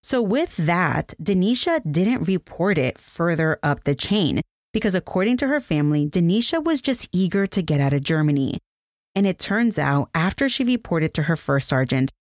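A woman's voice: on the low side, big pitch swings, moderate pace, a little mellow, dry recording. A woman hosting a podcast, telling a case in earnest, descriptive scripted narration into a studio microphone. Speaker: podcast host.

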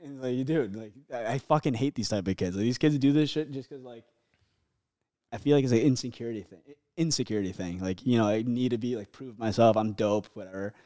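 A man's voice: mid-range voice, fairly quick, mellow, no echo, studio quality. A young man telling stories as a podcast guest, loose and chatty, packing in "like" fillers and swearing freely. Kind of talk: casual storytelling chat.

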